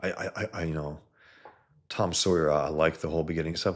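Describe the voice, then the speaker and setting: A man's voice: extremely low pitch, fairly quick. A man hosting a casual livestream, talking bluntly and profanely to his chat, rambling with frequent restarts. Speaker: livestream host reading chat. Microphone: computer mic, no headset.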